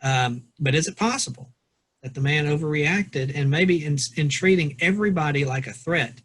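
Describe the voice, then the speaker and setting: A man's voice: a little high, normal speed, fairly bright tone. A man co-hosting a podcast, discussing a book in a loose, rambling way with many restarts. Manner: loose, rambling, reads quotes aloud with restarts. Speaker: podcast co-host, pastor or lawyer.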